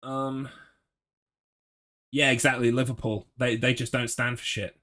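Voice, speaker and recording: A man's voice: medium pitch, little pitch movement, a little slow, bright, forceful tone. A man streaming a horror game, chatting with his audience in a rambling, swear-prone way. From United Kingdom. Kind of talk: gaming livestream commentary.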